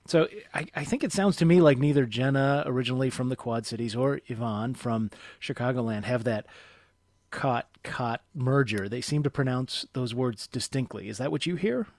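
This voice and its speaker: A man's voice: mid-range voice, normal speed, a little mellow, no room sound. A man hosting a radio talk show, introducing clips and asking curious questions in a conversational way. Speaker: radio host.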